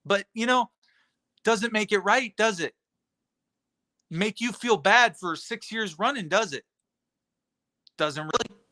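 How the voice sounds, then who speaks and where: A man's voice: high-pitched, bright, forceful tone. A man streaming on his own channel, ranting sarcastically and profanely at someone in his chat. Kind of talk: rambling rant at a chat member.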